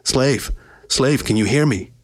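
A man's voice: medium pitch, measured pace, dry recording, clean studio sound, natural voice. A man voicing a male lion in a storybook reading, terse and guarded, often mumbling. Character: male lion, gruff, defensive and devoted.

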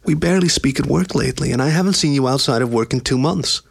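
A man voicing a sharp-tongued adult lioness in a storybook reading, clipped and scornful. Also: medium pitch, fast talker, creaky, pitched above the performer's own voice. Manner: clipped, scornful, rising when angry.

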